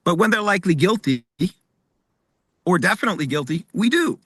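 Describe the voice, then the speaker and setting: A man's voice: high voice, lively intonation, fairly quick, pushed and bright, husky, no room sound. A man speaking as a candidate at an online forum, confidently defending his record and asking rhetorical questions. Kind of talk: debate answer. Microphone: video call.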